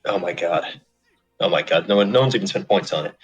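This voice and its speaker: A man co-hosting a casual gaming stream, chatting in fast joking banter. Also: deep voice, lo-fi sound, faint music behind. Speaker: stream co-host.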